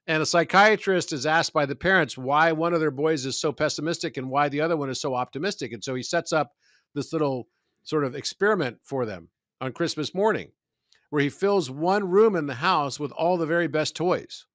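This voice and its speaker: A man who is a podcast guest, talking in a measured, reflective way about spiritual ideas and telling stories. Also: a little high, a bit bright, dry recording, clean studio sound. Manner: measured, storytelling, philosophical.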